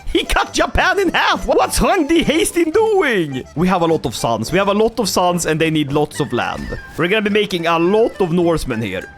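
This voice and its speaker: A man giving energetic, jokey commentary on his strategy game playthrough, sometimes putting on voices for the characters. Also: high-pitched, moderate pace, hardly any pauses, faint music behind. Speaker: gaming YouTuber.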